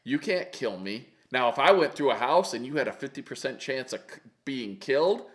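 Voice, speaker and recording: A man casually telling stories about flying, animated and folksy, acting out the people he quotes. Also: mid-range voice, moderate pace. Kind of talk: casual storytelling chat.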